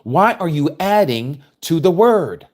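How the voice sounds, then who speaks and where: A man preaching a sermon, reading scripture aloud and explaining it with forceful rhetorical questions. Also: on the high side, very animated, slow.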